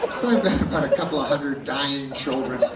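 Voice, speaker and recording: Man, deadpan stand-up with lots of "uh"s, distant mic in an echoey hall. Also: medium pitch, very noisy. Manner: deadpan, halting, many "uh"s. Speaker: stand-up comedian. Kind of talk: stand-up set. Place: live comedy stage. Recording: echoey live room, distant mic, loud crowd.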